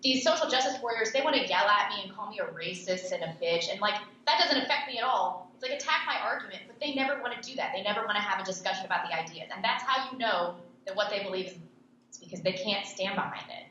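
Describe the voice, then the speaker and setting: A woman's voice: medium pitch, fast, sharp tone, dull audio. A young adult woman answering interview questions in a blunt, scornful way. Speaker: podcast host and interview guest. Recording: echoey room with faint noise.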